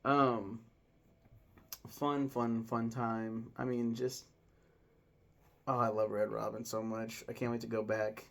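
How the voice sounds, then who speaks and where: Gravelly, rambling man vlogging about food. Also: mid-range voice, level tone, takes it slowly, long pauses, a bit bright. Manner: rambling, enthusiastic, many fillers and laughs. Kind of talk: casual vlog chat.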